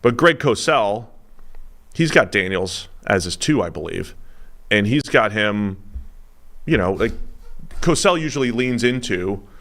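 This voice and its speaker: A man talking football on a podcast in a chatty, upbeat way. His voice is low but swings widely in pitch, and he laughs easily. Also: animated, a little slow, pauses often, fairly bright tone. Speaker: analyst co-host. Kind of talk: casual sports podcast chat.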